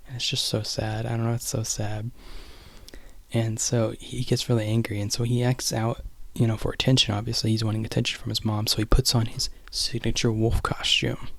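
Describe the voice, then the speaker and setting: A man's voice: mid-range voice, level tone, a little fast, gravelly. A man casually rambling through a film retelling, full of "you know" and "like".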